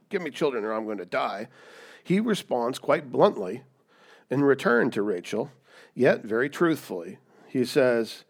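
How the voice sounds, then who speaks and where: A middle-aged man preaching a sermon with plenty of energy. His voice swings from hushed, low asides up to loud, high emphatic lines. He keeps throwing questions back at his listeners. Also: slightly rough. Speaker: pastor.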